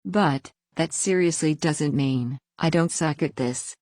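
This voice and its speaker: Low-voiced woman reading a story. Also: takes it slowly, darkish tone, no echo. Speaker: story reader. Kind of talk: scripted first-person story narration.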